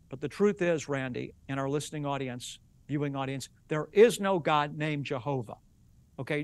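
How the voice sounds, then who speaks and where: Earnest high-voiced man explaining patiently. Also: no echo. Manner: earnest, explanatory, spells things out with examples. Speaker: rabbi and Bible teacher, interview guest. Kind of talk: teaching explanation in a broadcast interview.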